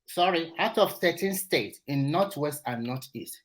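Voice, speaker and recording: Halting man arguing on a panel. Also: on the high side, animated, poor audio. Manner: halting, restarts words, argues steadily. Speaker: panel guest. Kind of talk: heated political panel discussion.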